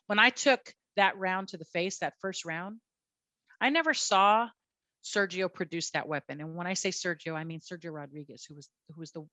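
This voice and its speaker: A woman police officer telling her story as a guest, animated and blunt, often repeating her words. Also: fairly low pitch, no echo. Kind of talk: candid personal storytelling.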